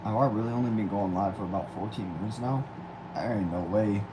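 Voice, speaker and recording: A young man with a lowish voice chats loosely through a livestream, reading viewer comments aloud and answering each one. A steady hum sits behind him the whole time. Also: a little fast. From Texas. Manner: reads comments aloud and answers them casually. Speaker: livestream host.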